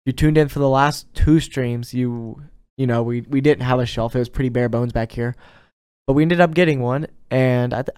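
A young man in a college dorm room, hosting a casual podcast and chatting in a relaxed, rambling way. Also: medium pitch, smooth. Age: young adult. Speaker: podcast host. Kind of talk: casual chat.

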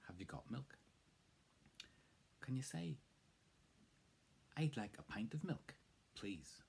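A man's voice: medium pitch, expressive, takes it slowly, creaky, pauses often, a little mellow, husky. A man giving a casual, chatty spoken language lesson, coaching the listener along. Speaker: language teacher. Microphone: close mic to camera.

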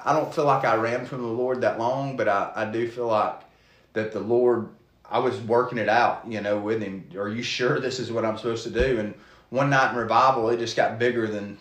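A man tells his testimony in an earnest, halting way, often restarting his sentences. His voice sits at a middle pitch. The room around him is noticeably echoey. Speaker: guest preacher. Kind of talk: testimony in casual conversation.

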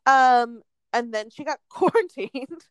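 A young woman chats and gossips, her voice sitting a little high and swooping up and down as she talks. She peppers every sentence with "like" and quick asides. Her voice is smooth and clear, recorded dry and close. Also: animated, no echo, lo-fi sound. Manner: chatty, lots of "like", laughs often. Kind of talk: casual gossip chat.

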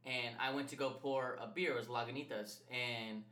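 A young man co-hosting a podcast, telling stories in a casual, animated, profane way and laughing often. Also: medium pitch, normal speed. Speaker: podcast co-host. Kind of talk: casual storytelling chat. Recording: echoey room.

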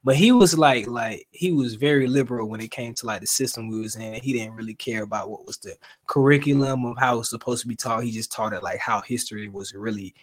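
A man's voice: mid-range voice, fast talker, few pauses. A man from the American South in casual conversation, telling stories with lots of "you know what I'm saying" fillers. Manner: animated storyteller with frequent fillers. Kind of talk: casual chat.

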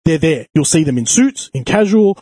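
A man telling a crude, animated story in casual chat, swearing freely. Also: fairly high pitch, normal speed, husky, no echo. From Australia.

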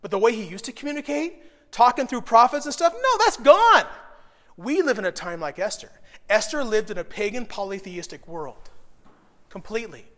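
A middle-aged pastor's sermon centers on a personal story, delivered a little fast in a high-pitched voice with lively intonation. His emotion rises to loud, intense peaks, and each phrase trails off into a long reverb tail.

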